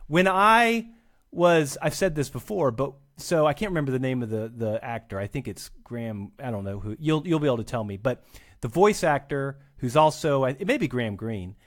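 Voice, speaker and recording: A man's voice: medium pitch, lively intonation, normal speed. A man chatting as a podcast guest, rambling and self-deprecating, often restarting his sentences. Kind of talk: casual chat.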